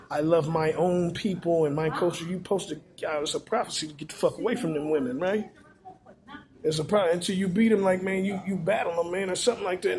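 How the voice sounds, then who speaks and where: A man, delivering a rambling, profane, preachy monologue full of repetition. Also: on the high side.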